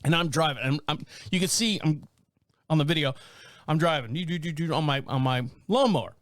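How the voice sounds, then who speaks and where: Brisk and a little high in pitch, this man in his fifties hosts a podcast from a small rural town. He tells comic stories in a rambling, casual style, animated throughout, often laughing and imitating voices. The recording is dry and studio quality.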